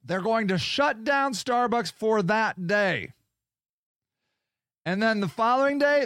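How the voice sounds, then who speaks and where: A man's voice: sits high, expressive, slow, pauses often, a bit bright, smooth, dry recording, clean studio sound. A man ranting in a casual, angry and sarcastic way, swearing often as he tells a story. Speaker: podcast host. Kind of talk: casual rant.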